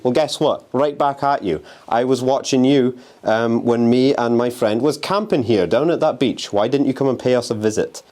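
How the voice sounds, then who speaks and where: This young man's voice sits at a medium pitch and is a little mellow. As an urban explorer and ghost hunter, he records a handheld vlog while roaming an abandoned house on a windy day, restless and profane as he goads the spirits.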